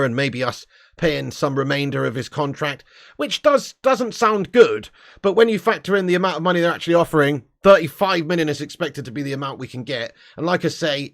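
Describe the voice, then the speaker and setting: A man's voice: a little high, a bit bright. A man hosting a casual live-stream fan show, blunt and sweary, laughing between rants.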